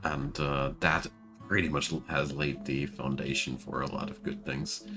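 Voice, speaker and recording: A man with a German accent talks through his game stream in a casual, chatty way. His voice sits very low. Faint music plays quietly underneath. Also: level tone, moderate pace, gravelly. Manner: chatty, laughs at himself. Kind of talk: casual gameplay commentary.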